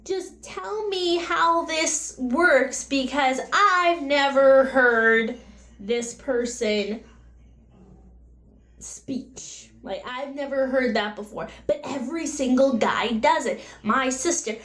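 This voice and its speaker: A woman's voice: high-pitched, slow, a bit bright, roomy sound. A woman in her twenties ranting casually to her vlog audience, exasperated and full of rhetorical questions. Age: 20s. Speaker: vlogger.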